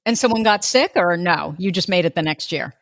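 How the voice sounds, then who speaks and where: A woman's voice: fairly low pitch, expressive, fairly quick, vocal fry, a bit bright, no room sound, clean studio sound. A woman hosting a podcast, asking friendly, curious questions in a casual chat. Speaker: podcast host.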